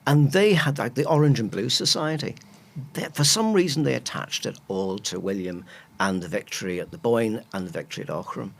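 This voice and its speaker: A man's voice: mid-range voice, animated, a little fast, creaky. A man, a historian guest explaining history with enthusiastic, rambling asides. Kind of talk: casual chat, explaining history.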